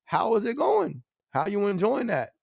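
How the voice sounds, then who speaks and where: A man's voice: high voice, huge pitch swings, normal speed, creaky, a little mellow, husky, no room sound, studio quality. A man hosting a casual live-stream podcast, chatting in slang, laughing often and repeating his phrases. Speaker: livestream podcast host.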